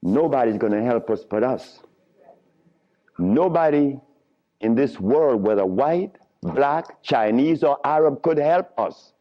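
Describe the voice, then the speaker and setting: A middle-aged man lecturing to a live audience, telling stories in an animated way and often chuckling. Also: mid-range voice, slow pace. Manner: animated storytelling with frequent chuckles. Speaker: lecturer on herbal healing. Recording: lo-fi archival lecture recording.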